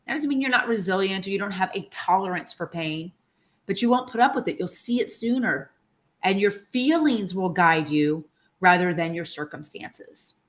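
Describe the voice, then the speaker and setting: A woman giving a casual motivational talk to her viewers, earnest and emotional, animated, with pauses and restarts. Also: mid-range voice. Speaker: motivational vlogger.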